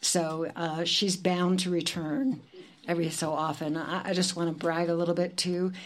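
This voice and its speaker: A woman hosting a poetry event, talking informally between readers. She speaks in a chatty, loose way with fillers. Her voice sits a touch low. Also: steady tone, moderate pace. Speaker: event host.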